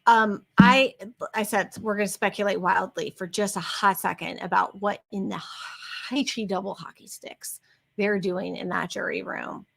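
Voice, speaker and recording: A woman's voice: mid-range voice, steady tone, moderate pace, creaky, fairly bright tone. A woman co-hosting a casual livestream chat, talking in long, rambling tangents. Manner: chatty, wanders into tangents. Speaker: co-host.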